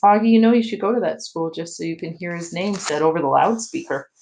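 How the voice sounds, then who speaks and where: A woman's voice: fairly low pitch, quick pace, a little mellow, slight background noise, natural voice. A woman voicing a playful, joking father who loves making his family laugh, in a storybook reading. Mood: teasing. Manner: playful, teasing.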